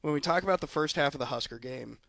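Man, sports podcast co-host, slightly high voice, animated storyteller, laughs a lot, dry close sound. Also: quick pace, gravelly, dry recording. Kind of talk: casual sports chat.

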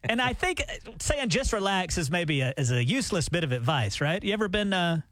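A man co-hosting a morning radio show, chatting casually and telling animated stories. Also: high voice, fairly quick.

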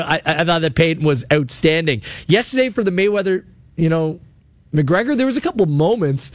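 A man hosting sports talk radio, chatty and animated, taking calls from listeners. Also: fairly high pitch, no room sound. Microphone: studio mic.

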